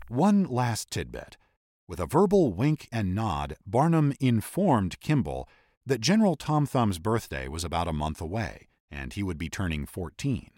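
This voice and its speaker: A man's voice: lowish voice, big pitch swings, unhurried, a little mellow, no room sound. A man narrating a history podcast in a scripted, explanatory storytelling manner.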